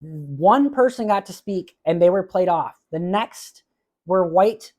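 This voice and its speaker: A man hosting a solo movie podcast, chatting casually and giving blunt opinions with frequent filler pauses. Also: high-pitched, lively intonation, darkish tone. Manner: openly emotional about awards moments.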